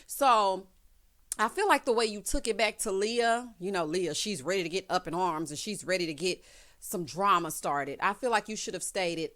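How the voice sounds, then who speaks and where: A woman hosting a casual recap of a reality show, sassy and animated, often calling viewers honey. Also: mid-range voice, moderate pace.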